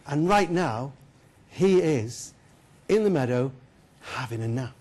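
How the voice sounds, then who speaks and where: Man doing a quiet, knowing old villager, low and calm. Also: slow.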